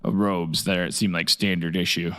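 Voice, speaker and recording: A man narrating a tabletop game as game master, making up the scene as he goes and pausing often to find his words. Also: low voice, little pitch movement, pushed and bright. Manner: halting, searching for words.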